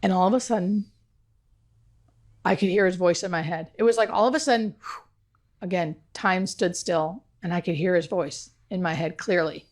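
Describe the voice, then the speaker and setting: A woman's voice: on the low side, normal speed. A woman being interviewed, telling an emotional personal story in an earnest, heartfelt way, with many "like" fillers. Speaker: guest.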